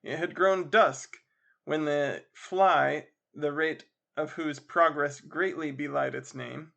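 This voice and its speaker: A man hosting a podcast, reading a classic story aloud with measured, expressive narration. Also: a little high, vocal fry. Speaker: podcast host and reader.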